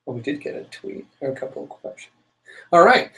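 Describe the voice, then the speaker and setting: A young man co-hosting a casual chat show, telling a story with big swings in his voice. His voice sits a little high for a man, and he lets small frustrations erupt into theatrical outbursts. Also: fairly quick, low-quality recording. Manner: animated storyteller, dramatic outbursts. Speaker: podcast co-host.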